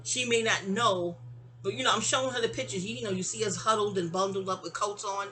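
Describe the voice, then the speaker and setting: A woman's voice: mid-range voice, fairly quick, bright, forceful tone. A middle-aged woman telling a long personal story in a casual, rambling way, often digressing. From New York.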